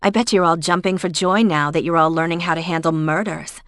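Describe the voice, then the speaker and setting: A woman voicing a blunt, rattled young woman with sharp, exasperated retorts. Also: fairly low pitch, fairly even intonation, fairly quick, no room sound, clean studio sound, lightly acted.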